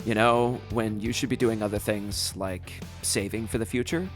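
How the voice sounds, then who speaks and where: A man hosting a podcast, telling a personal story in an animated, self-deprecating way, with plenty of ums and restarts. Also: fairly low pitch, normal speed, soft background music. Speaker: podcast host.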